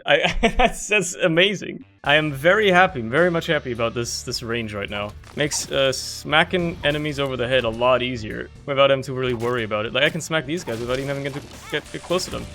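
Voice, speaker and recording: A man's voice: medium pitch, quick pace, few pauses, soft background music. A young man giving casual, slangy commentary on his own gameplay, often laughing and getting worked up over what happens in the game. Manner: animated, laughing, slangy, talks to himself while playing. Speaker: gaming YouTuber.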